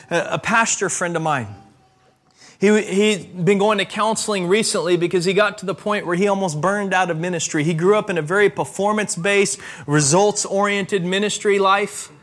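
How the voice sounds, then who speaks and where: A man preaching a sermon as a pastor, with emphatic rises and slow, stressed repetitions. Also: high-pitched, a bit bright.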